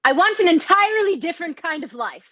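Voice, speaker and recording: A woman reading the part of a wife who explains, in a measured, apologetic way, why she is ending her marriage. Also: very high-pitched, sing-song, fairly bright tone, heavily acted. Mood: weary. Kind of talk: live script reading. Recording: dry, dull lo-fi sound.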